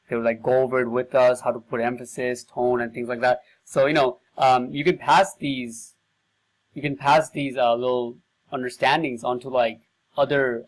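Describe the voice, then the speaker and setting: A man's voice: mid-range voice, rough recording. A man who sells digital marketing, talking casually to camera and thinking aloud in a loose, rambling way. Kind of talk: casual talk to camera about sales scripts.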